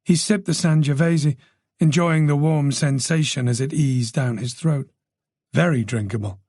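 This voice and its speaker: Casting: male thriller narrator, husky and gravelly, dry close sound. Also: on the high side, measured pace, darkish tone, no echo. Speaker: audiobook narrator. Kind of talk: scripted narration.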